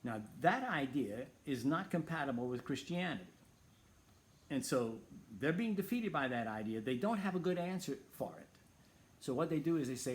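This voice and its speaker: A man's voice: on the high side, expressive, moderate pace. A man hosting a Christian talk show, speaking earnestly and emphatically as he reasons aloud.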